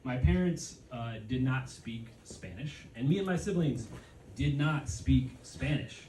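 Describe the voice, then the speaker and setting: A young man doing stand-up, speaking slowly with a lively, somewhat high voice, hesitating with fillers and laughing at his own lines. He is picked up from a distance in an echoey room, with noise from the venue around him. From United States. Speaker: stand-up comedian. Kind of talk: stand-up comedy set. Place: comedy venue with live audience.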